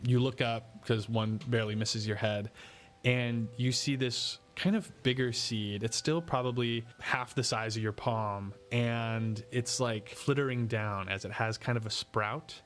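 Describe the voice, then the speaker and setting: A man's voice: mid-range voice, a little slow, a little hiss or hum. Man narrating as game master. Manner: descriptive, relaxed, with fillers.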